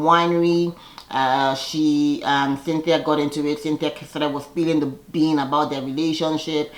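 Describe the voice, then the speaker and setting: A woman's voice: low-pitched, roomy sound. A woman casually recapping a reality TV episode, chatty and sassy, laughing often and acting out quoted lines.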